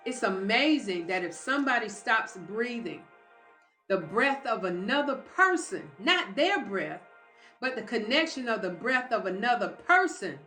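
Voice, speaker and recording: A woman's voice: medium pitch, pushed and bright. Female motivational speaker, emphatic and preacher-like; roomy recording. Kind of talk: live motivational talk.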